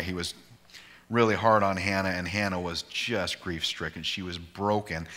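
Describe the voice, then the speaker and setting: A man's voice: low voice, sharp tone, big-room sound. A man pastor teaching a conversational bible study with informal, digressive talk and self-deprecating humor.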